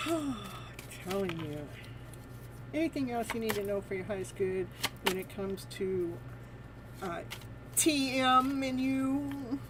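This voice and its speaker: A woman's voice: fairly high pitch, expressive, takes it slowly, pauses often, background noise. A woman giving a live tarot reading in a playful, teasing way, laughing often between her messages. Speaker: tarot reader.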